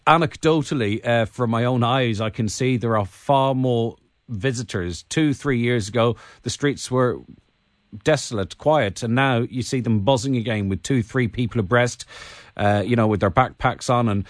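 A man's voice: mid-range voice, normal speed, no room sound, studio quality. A man hosting a radio chat, easygoing and laughing along with his guest. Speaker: radio host.

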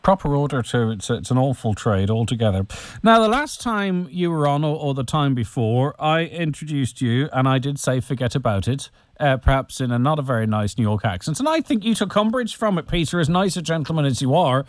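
A man hosting a radio interview, easygoing and halting, with many fillers. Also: medium pitch, lively intonation, dry recording. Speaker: radio host. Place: radio studio.

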